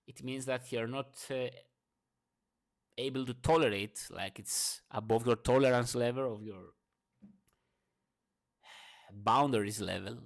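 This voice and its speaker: A man's voice: medium pitch, unhurried, gravelly, pauses often. Man ranting hard in non-native English. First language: not English. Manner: emphatic, profane, restarts and fillers, swings loud and soft. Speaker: vlogger. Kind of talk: unscripted morning rant.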